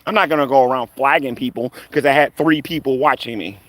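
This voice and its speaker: A man's voice: mid-range voice, fast, fairly bright tone, dry recording. A man running a live stream, taunting rivals in a combative, rambling rant full of fillers. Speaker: online commentator on a live stream.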